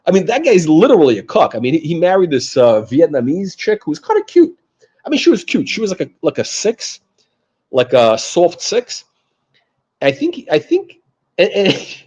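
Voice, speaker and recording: A man's voice: on the high side, mellow, slightly rough, highs cut off. A man hosting a show, ranting sarcastically and profanely as he reacts to a clip, rambling with many restarts. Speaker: host reacting to a video clip. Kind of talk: casual ranting commentary.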